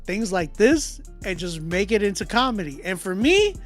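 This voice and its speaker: With big swings in his high-pitched voice, a man talks at normal speed while hosting a live music critique stream. The chat is casual and slangy, with frequent laughs and restarts.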